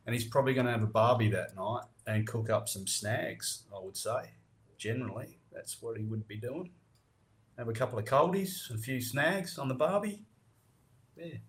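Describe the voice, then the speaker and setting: A man's voice: medium pitch, moderate pace. Laid-back crude Australian man. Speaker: podcast host. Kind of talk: casual chat explaining slang.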